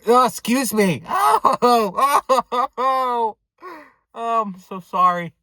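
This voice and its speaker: A man voicing his drunk middle-aged uncle, with slurred, loud outbursts. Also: extremely high pitch, expressive, slow, no room sound, pitched above the performer's own voice, full character voice. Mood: drunken apologetic.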